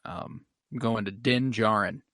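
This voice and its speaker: A man with a lowish voice co-hosts a podcast and chats casually. He gives his opinions in a relaxed, enthusiastic way. The recording is close and dry. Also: measured pace, dry recording. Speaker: podcast co-host. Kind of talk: casual chat.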